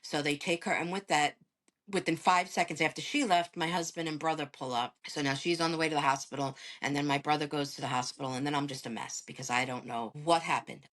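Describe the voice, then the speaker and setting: A woman's voice: sits low, a little fast. A woman, a podcast guest, casually telling a family story and acting out the dialogue as she goes. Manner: animated retelling that acts out quoted dialogue. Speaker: podcast guest, caregiver sister.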